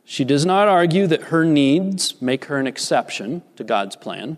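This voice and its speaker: A man preaching a sermon as a pastor, measured and deliberate, lifting his voice for emphasis. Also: a little high, big pitch swings. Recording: long reverb of a large hall.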